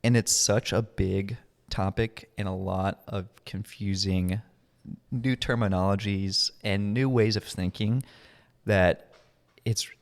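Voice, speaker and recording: A man's voice: lowish voice, steady tone, slow pace, vocal fry, in a large hall. A young man co-hosting a podcast in casual chat, rambling with lots of fillers and self-deprecating asides. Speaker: podcast co-host.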